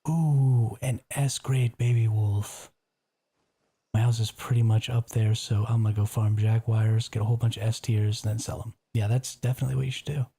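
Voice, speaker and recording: A man's voice: fairly low pitch, level tone, fast, gravelly, few pauses, warm tone, slightly rough. A man streaming a survival game live, chatting casually, reacting aloud and answering his viewers. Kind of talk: casual live gameplay commentary.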